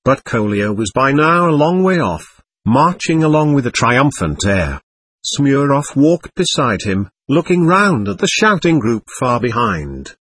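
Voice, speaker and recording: A man narrating an audiobook in a steady storytelling voice. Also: medium pitch, measured pace, breathy edge, no room sound. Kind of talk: scripted narration.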